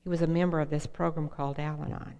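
Woman telling her story at a meeting podium, low voice, kinda emotional, big echoey hall. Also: flat delivery, fast, mellow, clean tone, lo-fi sound. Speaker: speaker sharing her recovery story at a meeting. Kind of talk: personal testimony talk. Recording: long hall reverb.

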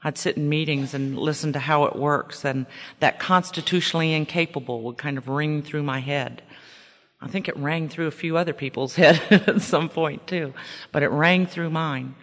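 A woman's voice: low voice, normal speed. A middle-aged woman giving a candid, wry personal testimony at a recovery meeting, often repeating words for emphasis. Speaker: recovery speaker sharing her story. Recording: echoey hall with long reverb.

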